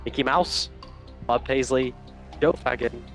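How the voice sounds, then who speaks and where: A man's voice: medium pitch, unhurried, faint music behind. Playful man hosting a football quiz. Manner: playful, jokey, swears and laughs often. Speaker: quiz host. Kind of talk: casual podcast chat.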